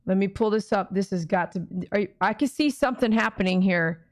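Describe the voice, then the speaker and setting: A woman pet groomer hosting a live fundraiser stream, chatty and excitable, gushing thanks to donors. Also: mid-range voice, brisk, dry recording. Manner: excitable, gushing thanks, sings repeated thank-you chants.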